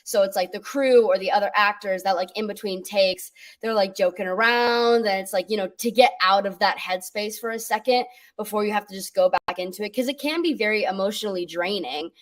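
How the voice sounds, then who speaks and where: A woman's voice: medium pitch, fairly quick, few pauses, far from the mic. Young woman actress talking casual, tons of "like", easygoing mid voice. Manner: relaxed, heavy use of "like" and "you know". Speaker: actress guest. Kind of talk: casual interview answers.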